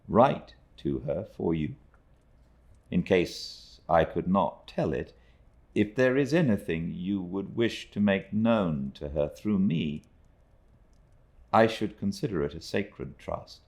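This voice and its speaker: A man playing a soft-spoken young gentleman. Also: low voice, very animated, measured pace, exaggerated voice. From Britain.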